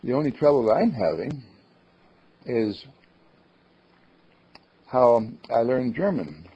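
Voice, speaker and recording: A man's voice: mid-range voice, big pitch swings, slow pace, husky. A man giving a rambling, folksy spiritual talk, acting out the quotes he tells. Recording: dull lo-fi recording.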